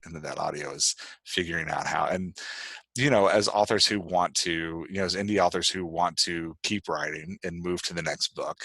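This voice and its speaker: Deep-voiced man hosting a casual chat. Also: moderate pace, vocal fry, pushed and bright, husky, no echo. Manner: loose and rambling, heavy with fillers like "like" and "you know". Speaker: podcast host.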